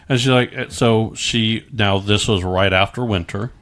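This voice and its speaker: A man's voice: lowish voice, normal speed, few pauses, fairly bright tone. A man recounting a personal story as a podcast guest in a casual way, often restarting his sentences. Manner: recounts events with frequent restarts and quoted exchanges.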